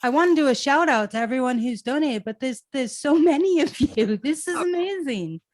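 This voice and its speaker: A woman's voice: high-pitched, expressive, moderate pace, a little mellow, no echo. A woman hosting a charity comedy night over a video call, chatting casually and gushing with laughter. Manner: bubbly, gushing, laughs often. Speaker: host and fundraiser.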